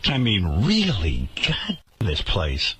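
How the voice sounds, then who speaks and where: A man's voice: deep voice, huge pitch swings, slow, noisy background. A man hosting a radio talk show, delivering an indignant, sarcastic rant to his listeners.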